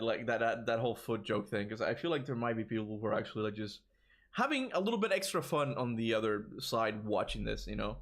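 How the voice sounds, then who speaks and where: On his livestream, a tired young gaming streamer from Toronto talks casually at a brisk clip, his medium-pitched voice lively in intonation. He rambles, restarts his words, and chuckles frequently.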